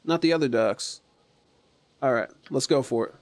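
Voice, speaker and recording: Excitable man streaming a game. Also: mid-range voice, normal speed. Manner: chatty and excitable, jumping between mutters and gleeful outbursts. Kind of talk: casual gameplay commentary.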